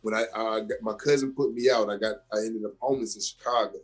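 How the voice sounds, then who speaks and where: Young guy from georgia, kinda husky, telling a story all fired up in a chill interview. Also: lowish voice, quick pace, faint music behind. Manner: animated, emphatic storyteller. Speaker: actor and comedian guest.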